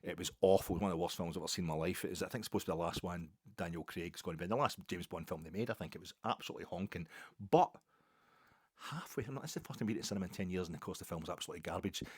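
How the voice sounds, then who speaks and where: Fast-talking deep Glaswegian man. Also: slightly rough, dry recording, clean studio sound. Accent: Glaswegian Scottish. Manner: rambling, self-mocking anecdotes. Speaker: football podcast host. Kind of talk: casual monologue.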